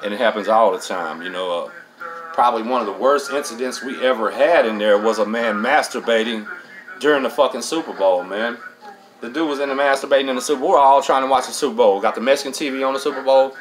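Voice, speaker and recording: A middle-aged Texan man hosts a casual storytelling monologue at a fast clip in a mid-range voice, and the recording is rough. He's streetwise and profane, working "man" into almost every line.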